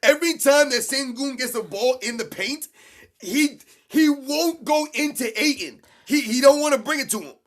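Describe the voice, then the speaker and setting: High-voiced excited man calling the game. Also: moderate pace. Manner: animated, emphatic, repeats points. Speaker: co-host of live game reaction stream. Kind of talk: excited live game commentary.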